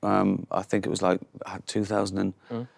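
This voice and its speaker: A man's voice: sits low, little pitch movement, moderate pace, creaky, dry recording, studio quality. A man, telling anecdotes in a casual chat and acting out other people's voices. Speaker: guest comedian.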